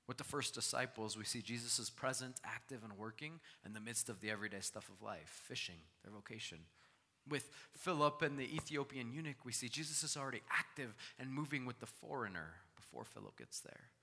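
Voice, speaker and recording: A man preaching a sermon as pastor, animated and acting out scripture voices. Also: medium pitch, brisk, in a large hall.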